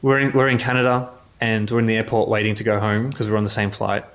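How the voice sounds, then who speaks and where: A man's voice: on the low side, flat delivery, fast talker. A man, a journalist telling casual anecdotes in an interview, rambling with many restarts. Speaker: motorsport journalist.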